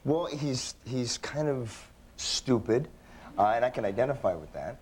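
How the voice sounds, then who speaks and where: A young adult man, an actor guest on a talk show, telling stories in a casual, animated way and acting out the voices in them. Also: medium pitch, measured pace, a little hiss or hum. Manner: animated storyteller, acting out voices in his anecdotes.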